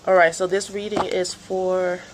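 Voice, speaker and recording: A woman's voice: on the low side, level tone, measured pace, heavy background noise. A woman chatting casually in a rambling vlog before a tarot reading, with many fillers. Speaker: tarot reader.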